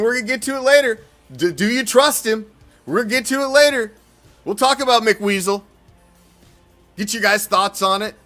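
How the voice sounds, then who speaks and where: A man with a high, sharp-toned voice hosts a sports fan podcast, ranting heatedly and swearing out of sheer exasperation. It's a profane fan reaction rant.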